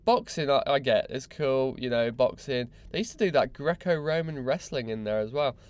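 A man's voice: mid-range voice, animated, moderate pace, darkish tone. A young man hosting a podcast, mocking and exasperated in a sweary comic rant. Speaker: podcast host.

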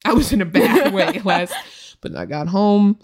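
A young woman co-hosting a podcast, telling a story in a casual, animated and profane way. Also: medium pitch, moderate pace. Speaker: podcast co-host.

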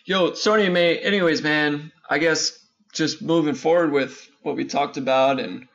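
A man's voice: a little high, steady tone, moderate pace, creaky, fairly bright tone. A man co-hosting a casual podcast chat, talking in a laid-back, rambling, slangy way. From San Diego area. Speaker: podcast co-host. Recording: muffled lo-fi audio.

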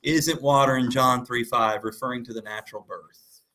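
A man hosting a religious talk show, with a voice of middling pitch. He speaks easily and tells stories loosely, filling pauses with small hesitations. Between stories he puts questions to his guests. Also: a little hiss or hum. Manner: relaxed storytelling with fillers. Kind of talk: casual religious discussion.

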